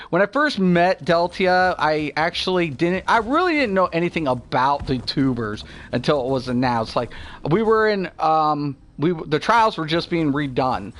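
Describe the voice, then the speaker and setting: Rambling, profane man streaming a game. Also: a little high. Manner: rambling and profane, laughing between thoughts. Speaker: gaming streamer. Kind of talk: casual live-stream chat.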